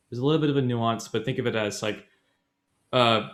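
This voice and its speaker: A man's voice: medium pitch, fairly quick. A man co-hosting a casual podcast, explaining grammar in a loose, rambling way with many fillers, self-corrections and frequent laughs. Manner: laughs often.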